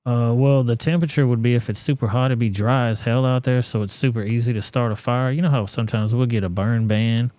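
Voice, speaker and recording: A man's voice: mid-range voice, fairly even intonation, a little fast, hardly any pauses, warm tone, no room sound. A man with a Southern US accent hosting casual reaction commentary, blunt and profane. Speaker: commentary channel host.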